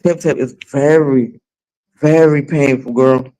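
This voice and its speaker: A woman's voice: very deep voice, steady tone, a little slow, warm tone, low-quality recording. A woman in her forties hosting a livestream, chatting casually with blunt, profane, dramatic storytelling. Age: 40s. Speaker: livestream host.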